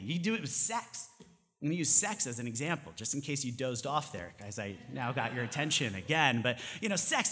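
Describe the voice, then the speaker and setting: Pastor, male, 30s, chatty animated sermon delivery, fairly high voice, hall reverb. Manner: animated, conversational, closes in slow prayer.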